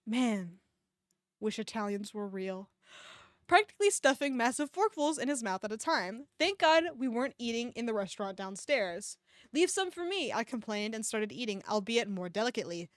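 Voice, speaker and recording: A woman's voice: a little high, big pitch swings, normal speed, dry recording, studio quality. A woman streamer reading a fan fiction aloud, breaking off to mock it with sarcastic, swearing asides. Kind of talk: comedic dramatic reading with commentary.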